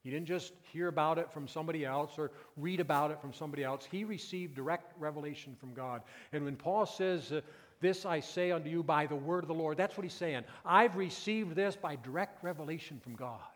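A male pastor preaching a sermon, moving from quiet, intimate passages to loud, emphatic peaks. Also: a little high, fairly quick. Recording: long reverb of a church hall.

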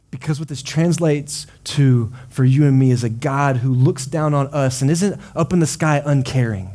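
A man's voice: a little high, warm tone. A man preaching a sermon as pastor, building passionate repetitive runs and dropping in casual exclamations. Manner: impassioned, repetitive preaching cadence.

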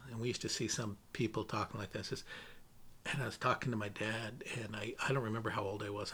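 Recalling his father in an interview, a man with a fairly low, slightly bright voice tells loose, rambling stories full of fillers and restarts. There's slight background noise.

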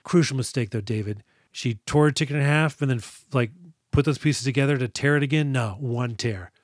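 A man's voice: medium pitch, fairly quick, no echo, clean studio sound. A man co-hosting a movie podcast, recapping scenes with sarcastic, profane jokes in a casual chat. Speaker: podcast co-host.

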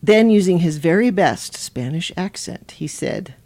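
Chatty woman podcast host, lively voice. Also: fairly low pitch, unhurried, dry recording. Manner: chatty, laughs often, questioning. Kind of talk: casual podcast chat and read-aloud.

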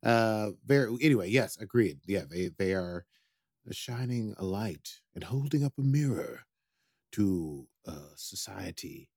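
A man's voice: fairly low pitch, expressive, a little slow, a little mellow, husky, no room sound, studio quality. A man co-hosting a podcast, talking casually in a rambling way with many restarts. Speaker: podcast co-host. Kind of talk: casual chat about a TV episode.

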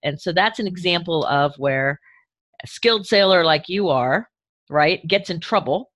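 Man with a slightly high voice chatting. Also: normal speed, a bit bright, no room sound. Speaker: co-host, sailing crew. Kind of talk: casual chat.

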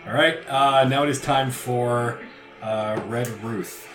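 A man's voice: medium pitch, fairly even intonation, takes it slowly, echoey room, music in the background. A man running a tabletop game as game master, narrating scenes and ruling on rolls with easy laughs.

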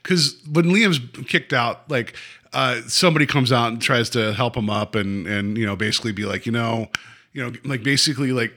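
Guy podcasting about a tv episode, bright tense voice, chatty and laughy. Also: mid-range voice, normal speed. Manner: chatty, laughs often, many fillers. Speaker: podcast co-host. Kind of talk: casual chat recapping a TV episode.

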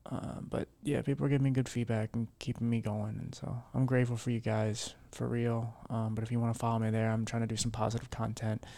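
A man hosting his own podcast at home, talking candidly and rambling with lots of fillers and restarts, sounding low-spirited and worn down. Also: level tone, fast talker, creaky, few pauses, dark tone, no echo. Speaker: podcast host. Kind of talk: candid solo podcast chat.

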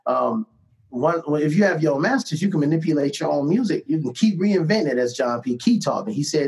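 A middle-aged man telling stories from his music career in a casual interview, animated and laughing often. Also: fairly high pitch, brisk, vocal fry, poor audio. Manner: animated anecdotes with frequent laughs and repeated "man" and "right?". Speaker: musician guest.

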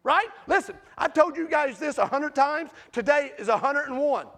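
A man preaching a sermon with passion, swinging between loud outbursts and hushed storytelling. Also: very high-pitched, lively intonation, normal speed.

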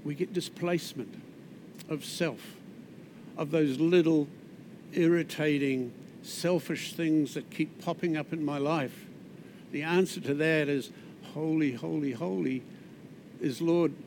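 A man with a New Zealand accent preaching a sermon in a conversational way, with asides and restarts, often dropping soft on key words. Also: a little high, steady tone, measured pace, slight background noise.

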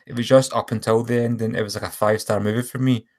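A man's voice: fairly low pitch, steady tone, quick pace, darkish tone. A man co-hosting a podcast, rambling enthusiastically about films and correcting himself as he goes. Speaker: podcast co-host. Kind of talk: casual film chat.

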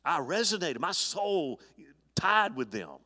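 A man's voice: on the high side, sing-song, slow pace, sharp tone. A middle-aged man, a pastor, preaching an earnest sermon, often restarting his sentences as he talks. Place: church sanctuary. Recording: long church reverb.

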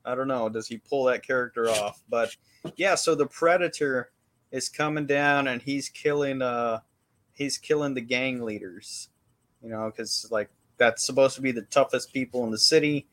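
A man's voice: mid-range voice, normal speed, a bit bright. A man co-hosting a podcast, giving a rambling, laid-back movie recap in casual chat. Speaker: podcast co-host.

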